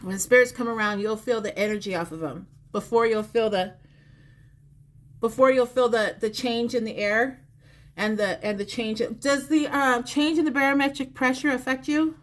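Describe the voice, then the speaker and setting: Her voice sits a little high and moves at a moderate pace. Giving a live-streamed psychic reading, she talks straight to the viewer, chatty and repetitive, captured on a phone or close microphone.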